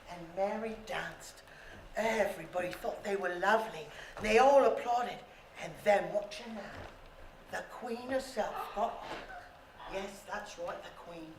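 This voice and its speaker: A woman storyteller telling a story to a live audience in an animated way, asking her listeners questions and bantering with them. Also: medium pitch, a little slow. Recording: roomy with faint background noise.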